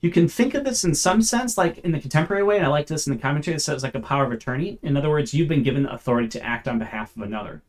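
A man's voice: on the high side, expressive, very fast, hardly any pauses. Man teaching a Bible lesson. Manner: explanatory, stresses key words.

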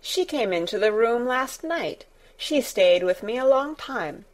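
A woman's voice: fairly high pitch, expressive, measured pace, voice pushed up. Woman voicing a sickly young boy, imperious, petulant, storybook reading. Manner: demanding, petulant.

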